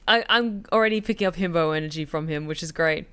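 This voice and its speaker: An Australian woman streaming a game, giving casual commentary in an excitable, chatty way and swearing freely. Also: low-pitched, fast, clear, resonant tone.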